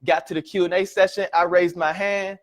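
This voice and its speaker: A man giving a motivational presentation to an audience, telling stories in an animated way and often checking in with "right?" and "ladies and gentlemen.". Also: high voice, fairly quick. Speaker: motivational speaker.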